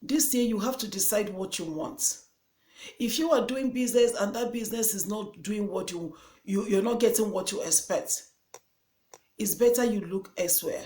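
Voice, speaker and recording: A woman's voice: medium pitch, moderate pace, a little mellow. A woman with a Nigerian English accent giving earnest motivational advice in a vlog. She repeats herself for emphasis. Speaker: vlogger. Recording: echoey room.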